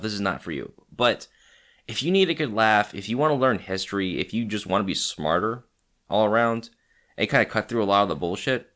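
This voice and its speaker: A man talks in a bright, lively voice that rises and falls a lot. He swears freely and laughs often in loose podcast chat. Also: fairly low pitch. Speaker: podcast co-host. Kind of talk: casual chat.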